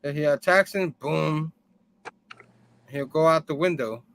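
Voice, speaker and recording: A man co-hosting a casual comic book chat, chatty and quick to laugh. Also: a little high, creaky, fairly bright tone, no echo. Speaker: podcast co-host.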